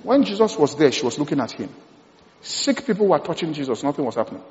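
A man preaching a sermon, emphatic, repeating key phrases and swinging between loud and hushed delivery. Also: fairly high pitch, big pitch swings, fast. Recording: dull sound in a long-reverb hall.

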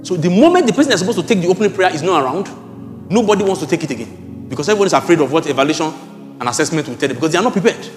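A man preaching a sermon as pastor, animated and rising at times to shouts. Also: fairly high pitch, racing, in a large hall, over music.

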